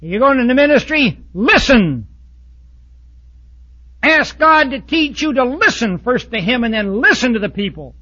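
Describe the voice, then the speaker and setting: A man preaching with a high, husky voice, blunt and folksy. He jumps from loud outbursts to quiet asides. The recording sounds dull and lo-fi. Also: sing-song, a little slow. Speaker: pastor. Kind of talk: sermon.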